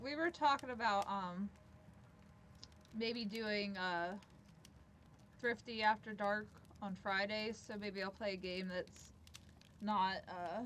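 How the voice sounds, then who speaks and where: A woman's voice: mid-range voice, fairly bright tone, slight background noise. A young woman livestreaming a video game, chatting casually and thinking aloud, sometimes dropping to a mutter. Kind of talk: casual gameplay commentary.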